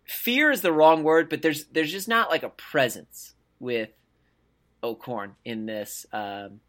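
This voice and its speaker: With a slightly high voice and a slow delivery, a podcast co-host discusses college football casually. He gets animated, impersonating players' voices along the way.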